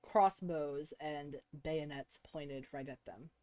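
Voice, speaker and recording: A woman narrating a tabletop game as game master, in calm, measured storytelling. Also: deep voice, no echo.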